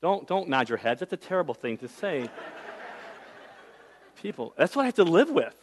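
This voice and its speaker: A middle-aged male pastor preaching a sermon, telling a personal story in a conversational way, with big swings from soft to loud. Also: fairly high pitch, very animated, normal speed, a little hiss or hum.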